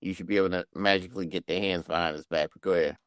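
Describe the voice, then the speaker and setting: Deep smooth-voiced older man. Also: fairly even intonation, racing, no echo. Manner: emphatic, opinionated commentary. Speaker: podcast co-host, retired sheriff. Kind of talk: opinionated conversation.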